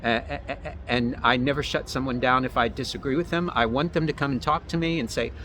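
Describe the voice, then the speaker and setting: An American man chatting outdoors as a guest, halting and repeating words as he thinks aloud. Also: mid-range voice, fairly even intonation, sharp tone, slight background noise. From United States. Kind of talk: casual street conversation.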